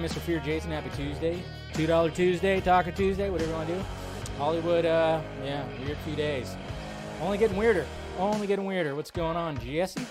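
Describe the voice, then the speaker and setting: A man hosting a live film news stream, chatting loosely with viewers and rambling between greetings. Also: a little high.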